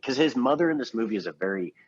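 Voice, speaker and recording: Racing and animated, a mid-range male voice with a breathy edge meanders through a casual film discussion as a podcast co-host, using plenty of fillers. The podcast audio is dull and lo-fi, with no echo.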